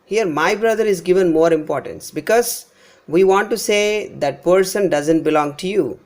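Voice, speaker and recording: Man, higher voice, Indian English accent, teacher, pronunciation lesson, patient, repeats example words. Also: moderate pace.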